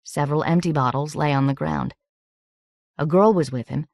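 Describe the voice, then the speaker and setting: A woman narrating an audiobook in a measured, steady reading. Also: deep voice, vocal fry, no echo.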